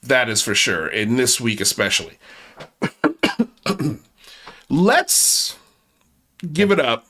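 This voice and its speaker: A man's voice: mid-range voice, huge pitch swings, takes it slowly, long pauses, sharp tone, a little hiss or hum. A man hosting a commentary channel, speaking in sarcastic, mocking asides with exaggerated exclamations. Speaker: channel host.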